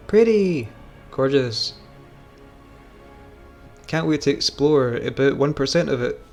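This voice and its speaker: A man's voice: mid-range voice, creaky. A man streaming a game, rambling and joking in casual, self-mocking commentary. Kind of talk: casual commentary while gaming.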